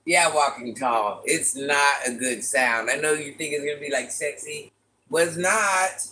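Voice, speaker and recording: A woman with a deep, raspy voice hosting a casual livestream, chatting and teasing as she reads viewers' comments. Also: normal speed, sharp tone. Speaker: livestream host reading chat. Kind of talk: casual live chat with viewers.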